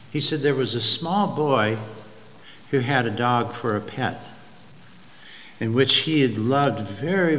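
Male preacher, slow and deliberate sermon delivery, halting restarts, long church-hall reverb. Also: mid-range voice, fairly bright tone. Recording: long hall reverb, faint ambient noise.

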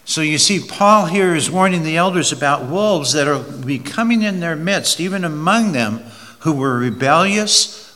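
A man's voice: on the high side, lively intonation, sharp tone, in a large hall. A man preaching an expository sermon, reading verses aloud and leaning hard on key words. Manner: slow, emphatic, drawn-out stresses on key words.

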